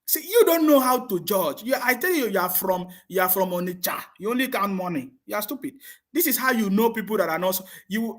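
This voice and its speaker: A man with a high voice rants on a live stream, answering viewer comments with open scorn. He laughs often and keeps firing questions back at his critics. His delivery is mocking and heated. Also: fairly bright tone.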